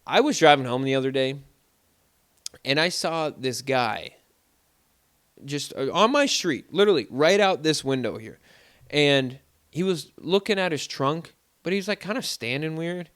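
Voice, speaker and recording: A man's voice: fairly high pitch, lively intonation, measured pace, a bit bright, no echo, clean studio sound. A man from South Dakota telling rambling everyday stories at home as a solo podcast host, full of fillers like "like" and "dude". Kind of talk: casual storytelling monologue. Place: room at home.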